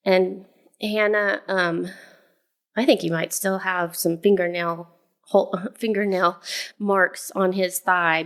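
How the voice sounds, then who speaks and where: A mother co-hosting a podcast, telling a family story in casual chat with many fillers and restarts. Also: mid-range voice.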